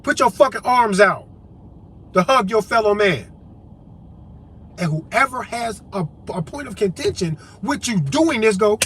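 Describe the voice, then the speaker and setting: High-voiced man on a profane rant. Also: animated, moderate pace, a bit bright, slight background noise. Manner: profane, emphatic, preachy, repetitive. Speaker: vlogger and activist. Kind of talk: impassioned monologue to camera.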